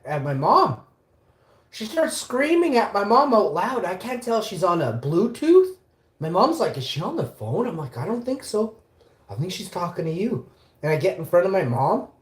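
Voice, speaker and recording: A woman from Winnipeg, telling a story on a casual livestream, animated and swearing, acting out the quotes. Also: mid-range voice, reverberant. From Winnipeg, Canada.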